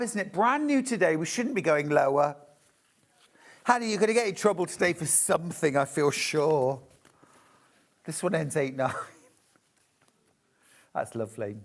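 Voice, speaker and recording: A woman's voice: sits low, lively intonation, moderate pace. A woman with a British accent presenting a live shopping show, chatting to viewers and gushing over fabrics. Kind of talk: live sales demonstration.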